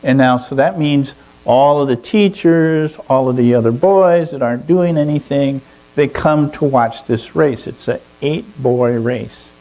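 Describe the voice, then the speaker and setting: A man telling a long story to a fellowship gathering in an animated way, often chuckling. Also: medium pitch, a little slow, rough recording. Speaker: speaker at a fellowship service. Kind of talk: storytelling sermon.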